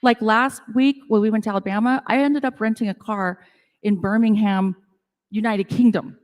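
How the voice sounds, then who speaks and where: Speaking at a women's business event, a middle-aged woman chats to a live audience in a conference room, telling self-deprecating stories peppered with "like." Her mid-range voice keeps a fairly even intonation at a moderate pace, and the recording has the long reverb of a hall.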